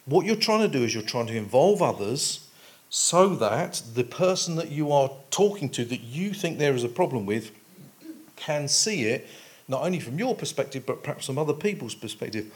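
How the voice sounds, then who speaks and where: A man's voice: medium pitch, sing-song, moderate pace. A man preaching a sermon in a conversational way, explaining his points with homely everyday examples. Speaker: pastor.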